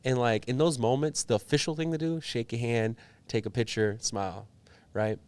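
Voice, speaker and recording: A young man speaks as a political guest in a relaxed interview. His telling is earnest and animated, full of "like" and "right". His pitch sits at an ordinary middle level for a man. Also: moderate pace, clean tone. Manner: earnest, animated storytelling with many fillers. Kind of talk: storytelling interview.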